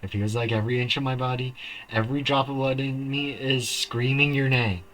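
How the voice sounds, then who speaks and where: A man's voice: mid-range voice, fairly even intonation, a little fast, fairly bright tone, a little hiss or hum, natural voice, poor audio. A man reading aloud the lines of an obsessive young woman confessing her love in a game, with an intense, pleading delivery.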